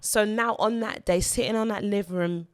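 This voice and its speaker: A woman's voice: medium pitch, no echo, clean studio sound. Earnest woman sharing a personal story. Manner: earnest, halting, repeats words when emotional. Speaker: podcast co-host and mother.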